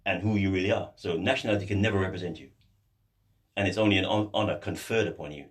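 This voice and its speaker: A man's voice: low voice, fast talker. A man guesting on a radio talk show, patiently explaining ideas with examples like a teacher, his voice a little distant from the mic in a studio. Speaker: guest lecturer on African history.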